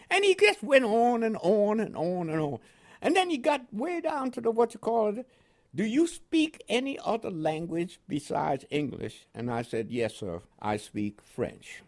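An older man with a New York accent tinged with West Indian inflections, telling his life story in an oral history interview, animated and often chuckling. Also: high-pitched, vocal fry. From Panama.

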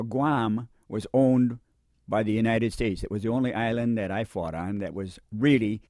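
An older Marine veteran recounts his war memories in an oral history interview, rambling, repeating himself, and acting out what people said. His voice is lowish with a darkish tone, captured in a clean studio recording with no room sound.

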